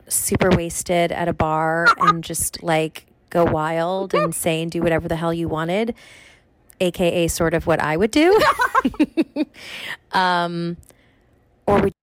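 A woman's voice: lowish voice, dry recording. A woman recording an affectionate, gushing video message with a question for a friend. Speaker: guest sending a recorded question.

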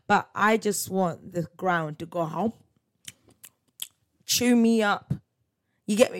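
A woman's voice: mid-range voice, takes it slowly, long pauses. A young woman, chatting casually as the host of her own solo podcast. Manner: chatty, laughing, tag questions like "you get me?". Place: parents' house.

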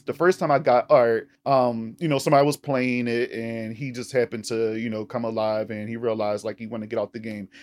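A man co-hosting a podcast in casual chat about a short film, laid-back, laughing often and thinking aloud. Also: medium pitch. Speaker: podcast co-host.

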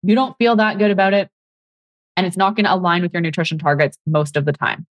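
Chatty woman host with a lowish voice. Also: steady tone, quick pace, no echo, muffled recording. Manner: chatty, upbeat, keeps saying "you guys". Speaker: fitness coach and podcast host. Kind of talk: live podcast talk, reading out audience chat.

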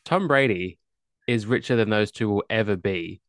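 A man's voice: on the low side, normal speed, no room sound, clean studio sound. A man from England co-hosting a podcast in casual chat, blunt and sweary, trash-talking teams and towns for laughs. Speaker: podcast co-host.

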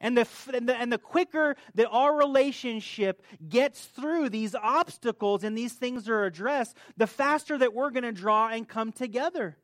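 A middle-aged man preaching a sermon, swinging between soft asides and loud, high outbursts. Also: moderate pace, hardly any pauses, no echo, clean studio sound. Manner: animated, rises loud and high when acting out stories. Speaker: pastor.

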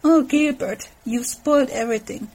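A woman reading aloud the lines of a flustered young woman turning down a proposal, in her husky voice. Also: high voice, moderate pace, a little mellow, rough recording. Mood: distressed. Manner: read aloud from a novel.

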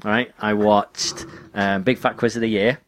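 Lowish voiced guy, excited casual chat. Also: measured pace, slight background noise.

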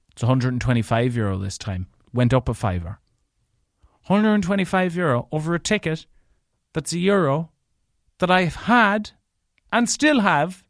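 A man's voice: a little high, big pitch swings, normal speed, dry recording, studio quality. A man with an Irish accent hosting a podcast, telling an angry, profane story on his own. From Ireland. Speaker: podcast host. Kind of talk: solo storytelling rant.

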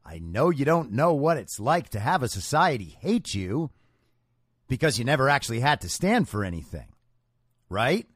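A man hosting a political talk show, delivering a sarcastic, mocking monologue with drawn-out dramatic pauses. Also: medium pitch, very animated, husky, dry recording, clean studio sound. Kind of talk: scripted political commentary monologue.

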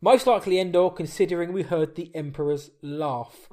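A high-voiced man co-hosts a podcast with upbeat, chatty energy. He reads listener messages and riffs on them in a casual, friendly way. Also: normal speed. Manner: energetic, banter-filled, reading listener messages. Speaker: podcast co-host.

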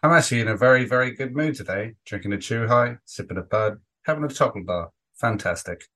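A man's voice: mid-range voice, animated, fast, fairly bright tone. Guy co-hosting a podcast, rambly, keeps restarting, swears a bit, mid voice. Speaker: podcast co-host. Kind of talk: casual podcast chat.

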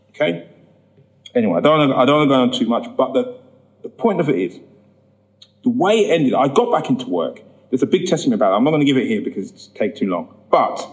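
Man, sermon testimony, lively swooping pitch, storytelling. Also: low-quality recording. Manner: animated storytelling, acts out quoted voices, rises high when emphatic. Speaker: preacher giving testimony.

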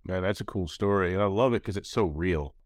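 A man in his thirties hosting a casual podcast, telling stories in an animated way. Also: sits low, brisk, no room sound, clean studio sound. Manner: animated storyteller, acts out quoted voices. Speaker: podcast host.

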